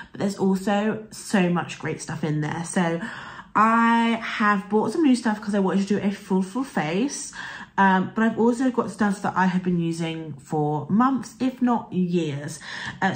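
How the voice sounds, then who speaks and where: A young woman talks her viewers through a makeup routine in a casual vlogger chat. Her voice still has some morning roughness. She speaks in a friendly, rambling way with frequent fillers and asides. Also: mid-range voice. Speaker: beauty vlogger.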